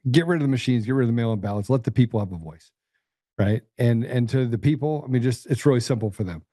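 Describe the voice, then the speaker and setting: A man's voice: medium pitch, expressive, fast talker, warm tone, dry recording, studio quality. A man hosting a political talk show, speaking bluntly and combatively, often repeating and restarting his words. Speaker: podcast host.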